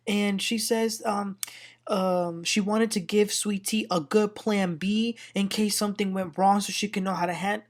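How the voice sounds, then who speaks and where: A woman hosting a casual reality TV recap, retelling scenes and adding blunt, opinionated commentary. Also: medium pitch. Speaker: TV recap host.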